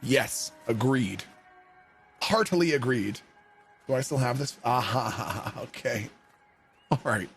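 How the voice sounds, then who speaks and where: A man's voice: medium pitch, animated, slow pace, pauses often, faint music behind. A man streaming a game, telling stories in a casual, profane way and often breaking into laughter. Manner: profane, laughing, swings into loud shouted impressions. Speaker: livestreamer. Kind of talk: casual storytelling while gaming.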